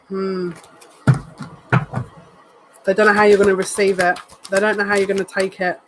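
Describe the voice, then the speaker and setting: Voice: medium pitch, little pitch movement, normal speed, background noise. A psychic reader giving a live tarot card reading in an earnest, emotional way, repeating phrases and thinking aloud as they turn the cards. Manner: emotional, says they are near tears.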